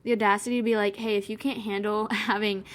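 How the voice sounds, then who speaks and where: A woman's voice: mid-range voice, little pitch movement, fast. A woman in her twenties rambling casually through a painting vlog voice-over, chatty and wry, with sarcastic asides. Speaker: vlogger.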